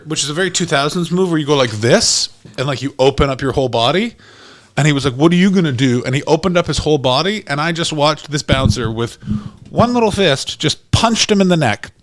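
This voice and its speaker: A male comedian co-hosting a podcast, telling stories in casual chat and acting out the quotes. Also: medium pitch. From Canada. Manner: animated storyteller who acts out quotes.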